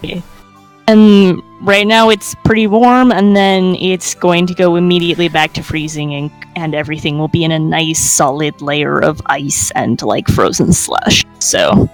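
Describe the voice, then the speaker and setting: A woman's voice: fairly low pitch, steady tone, measured pace, soft background music. A woman player talking casually and wandering through her thoughts. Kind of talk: casual chat.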